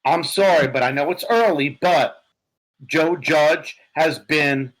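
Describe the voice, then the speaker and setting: Slightly high, hoarse male fan; animated, profane sports chat. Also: takes it slowly, poor audio. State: hoarse from yelling. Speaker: podcast co-host, Giants fan.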